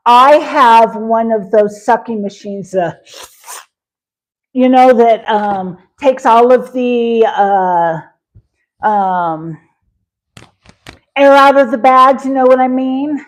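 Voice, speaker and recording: A woman's voice: a little high, slow, long pauses, rough recording. A woman hosting a cooking livestream, chatting casually and answering viewer comments with folksy sayings and many fillers. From Wyoming. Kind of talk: casual live-stream chat while cooking.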